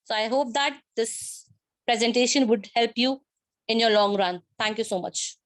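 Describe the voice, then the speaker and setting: A high-pitched woman with an Indian English accent delivers a workshop talk on a video call. She keeps her wording simple and stresses each point with repetition. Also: moderate pace. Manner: simple wording, emphatic, repeats key phrases. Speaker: presenter in an online workshop. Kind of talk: speaking-skills presentation.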